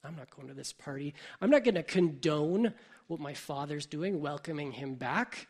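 A man's voice: on the high side, normal speed, darkish tone, husky. A man voicing a bitter, resentful older brother. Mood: angry. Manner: bitter, self-pitying complaints.

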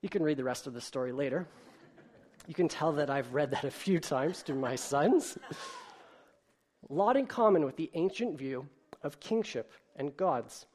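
A pastor preaching a sermon in an explanatory, conversational way, animated when he reads a children's story aloud. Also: fairly high pitch, normal speed.

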